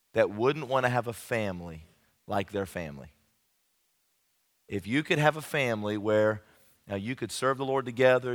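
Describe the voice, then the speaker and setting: A man preaching at a youth camp, telling a funny story from his childhood with lively, folksy emphasis. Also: medium pitch. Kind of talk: evangelistic sermon with humorous storytelling. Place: large camp meeting room. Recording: long hall reverb.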